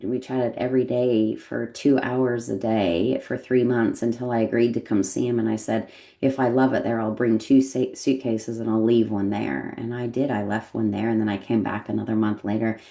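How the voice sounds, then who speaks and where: A woman's voice: rumbling low, moderate pace, gravelly. A middle-aged American woman, a podcast guest, telling a personal story in casual conversation and acting out the dialogue. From United States. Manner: animated storyteller, acts out quoted dialogue.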